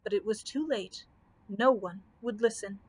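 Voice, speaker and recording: A woman's voice: mid-range voice, unhurried, a little hiss or hum, poor audio. A woman librarian reading a children's book aloud, telling it expressively. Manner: expressive storytelling.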